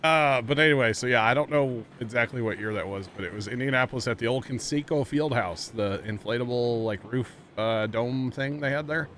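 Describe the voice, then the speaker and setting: A man's voice: medium pitch, brisk, hardly any pauses. Rambling streamer man with background noise. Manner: rambling, animated storytelling with many fillers. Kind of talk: casual chat while streaming a game.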